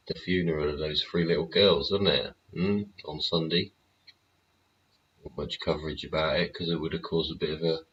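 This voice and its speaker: Very deep-voiced man ranting. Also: fairly bright tone. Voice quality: sweary, rhetorical tag questions. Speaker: show host. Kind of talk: casual rambling rant. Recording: dull lo-fi recording.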